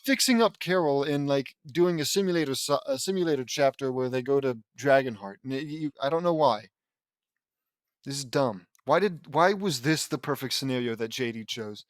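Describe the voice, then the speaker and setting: A man's voice: mid-range voice, moderate pace, no echo. A man reading fan fiction aloud and mocking it in sarcastic, rambling asides, often stumbling and restarting his words. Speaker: audiobook reader and commentator.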